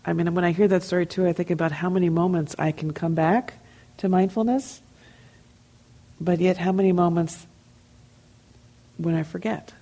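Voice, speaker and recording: A woman with a New Jersey accent, a meditation teacher telling stories and answering questions in a relaxed, conversational way. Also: fairly low pitch, moderate pace, pauses often, poor audio. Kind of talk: dharma talk question and answer.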